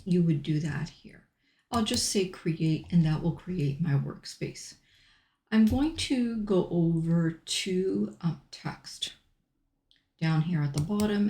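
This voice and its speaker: A middle-aged woman walks through a software tutorial at a slow, deliberate pace, pausing on ums between steps. Her voice sits a little low. The recording has a roomy echo. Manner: unhurried, step-by-step with frequent ums.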